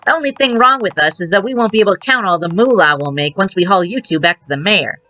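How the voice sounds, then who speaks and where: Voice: medium pitch, animated, fast, pushed and bright, faint music behind. A streamer voicing a pair of dimwitted small-time crooks with a slangy tough-guy drawl, reading game dialogue live. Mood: scheming.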